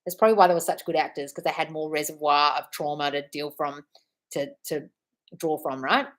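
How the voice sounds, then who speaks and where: A woman's voice: sits low, fairly even intonation, a little fast, a bit bright. Playful, blunt woman coach on a home live stream, casual and profane. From United Kingdom. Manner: swearing, playful, calls viewers darling, reads comments aloud. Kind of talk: casual live-stream chat reading comments.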